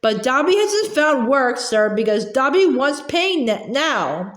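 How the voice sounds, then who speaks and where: Dobby, squeaky eager house-elf done by a woman. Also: big pitch swings, takes it slowly, echoey room, exaggerated voice. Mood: earnest. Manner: squeaky, addresses everyone as sir and miss.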